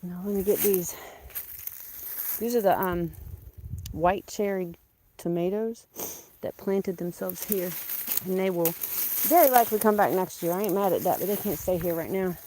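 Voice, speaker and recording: A woman's voice: lowish voice, normal speed, long pauses, mellow, a little hiss or hum. A woman chatting casually to the camera while she works in her outdoor garden. She talks to herself in a joking, exclamatory way. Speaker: gardening vlogger.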